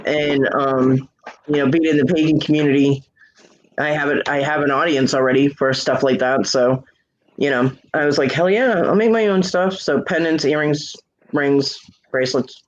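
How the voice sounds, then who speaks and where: A woman co-host in casual chat, animated and quick to laugh. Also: a bass voice, a little hiss or hum. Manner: animated storyteller, laughs often. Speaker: podcast co-host. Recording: dull lo-fi recording.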